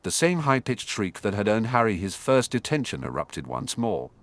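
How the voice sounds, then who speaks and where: Low-voiced man narrating an audiobook. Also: sing-song, moderate pace, dry recording. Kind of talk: scripted narration.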